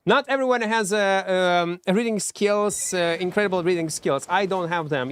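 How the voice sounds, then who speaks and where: A man's voice: high-pitched, normal speed, few pauses, smooth. A man streaming a game, chatting casually and mocking himself, answering chat and humming between plays, in non-native English. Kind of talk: casual live-stream chat while playing.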